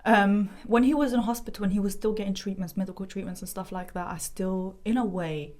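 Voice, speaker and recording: A woman's voice: mid-range voice, fairly even intonation, darkish tone. Emotional young woman giving testimony. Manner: emotional, halting, with restarts and nervous laughs. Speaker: guest sharing her family's story.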